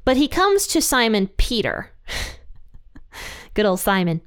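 Smooth-voiced woman teaching the Bible casually. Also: on the high side, big pitch swings, slow, a bit bright. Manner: chatty, laughs lightly between points. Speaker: Bible study host.

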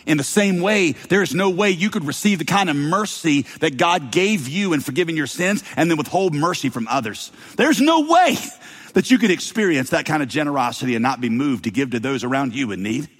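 A man preaching a sermon, telling a story with dramatic swings between loud emphasis and hushed tones. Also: a little high, expressive, fairly quick, in a large hall. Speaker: pastor.

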